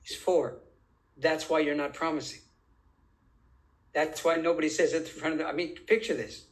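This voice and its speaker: A man with a somewhat high voice for his sex, talking as a guest in a conversational interview. He is insistent and emphatic, and he leans on rhetorical questions. He slows down to stretch out key phrases. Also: fairly even intonation, low-quality recording. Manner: deliberate, drawn-out phrasing.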